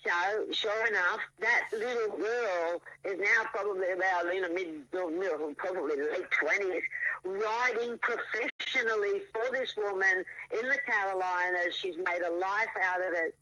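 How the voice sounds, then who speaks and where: High, bright-voiced man telling a story. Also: a little slow, muffled recording. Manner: animated storyteller, shifts pace often. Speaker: riding coach. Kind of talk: storytelling in a casual interview.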